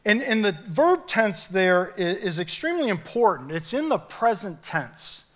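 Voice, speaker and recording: A male pastor preaching a sermon in an animated, emphatic way, pushing his voice up at key points. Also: high-pitched, measured pace.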